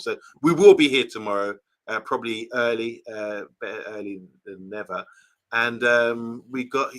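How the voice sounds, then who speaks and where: A man co-hosting a football fan livestream in casual chat, animated and acting out imagined conversations. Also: mid-range voice.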